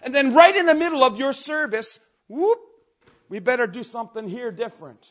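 A man preaching a sermon, telling stories with energy and swinging between quiet asides and loud outbursts. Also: very high-pitched, fairly quick. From Canada. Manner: animated storytelling, swings from soft to shouting.

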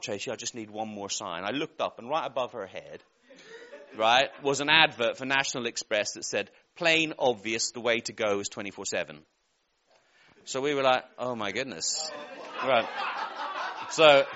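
A man preaching a sermon, telling a lively personal story and laughing at his own jokes. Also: mid-range voice, dull audio, slight background noise.

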